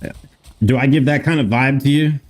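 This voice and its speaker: This is a US streamer in his thirties giving casual gameplay commentary while reading chat, wandering off topic and cursing offhandedly. He speaks a little fast in a medium pitch with fairly even intonation.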